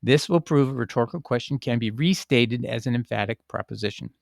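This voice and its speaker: A man's voice: medium pitch, brisk, creaky, no echo. Guy explaining bible stuff on a screen share, emphatic, keeps restarting, dry close sound. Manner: rambling, restarts often, emphatic. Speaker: Bible teacher answering a viewer. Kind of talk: casual screen-share teaching.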